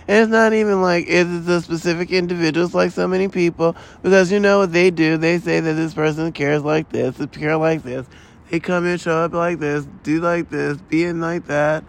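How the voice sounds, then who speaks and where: A creaky, high-sitting male voice carries a solo podcast monologue. The host rambles through a loose, profane rant, exasperated and constantly going off on asides.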